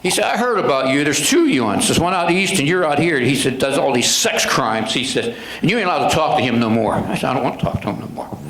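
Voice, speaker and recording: An older man, a police sergeant, talks to a club audience. He retells old exchanges with judges and attorneys, acting out each of their voices. His voice sits a little high, and the room gives it a clear echo. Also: sing-song, fast, few pauses, a bit bright. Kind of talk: anecdotal storytelling talk. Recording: echoey room.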